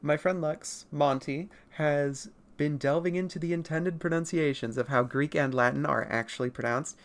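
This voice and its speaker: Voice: medium pitch, moderate pace, few pauses. An artist chatting casually with viewers on a livestream while drawing, playful and rambling, laughing often and swearing now and then. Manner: rambling, self-correcting asides. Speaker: artist streamer answering chat.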